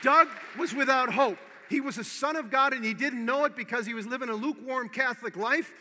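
A man preaching, telling a personal story with animated acted-out dialogue and swinging from hushed to loud exhortation. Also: extremely high pitch, brisk, crowd noise, noisy background. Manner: animated storyteller, acting out both sides of the dialogue. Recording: long hall reverb.

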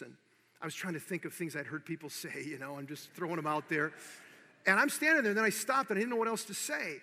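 A man preaching, telling a personal story with animated acted-out dialogue and swinging from hushed to loud exhortation. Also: sits high, fast talker. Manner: animated storyteller, acting out both sides of the dialogue. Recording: long hall reverb.

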